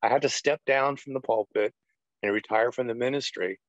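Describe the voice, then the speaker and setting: A man's voice: mid-range voice, brisk, dry recording. A middle-aged man, a retired pastor, giving a personal testimony in an interview, rambling earnestly with lots of "you know". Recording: dull, dry lo-fi sound.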